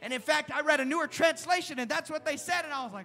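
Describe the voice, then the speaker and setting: High, bright-voiced impassioned male preacher. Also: fast. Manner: impassioned, often shouting, swings to hushed. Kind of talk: sermon. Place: church sanctuary during a live service. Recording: long hall reverb with faint music.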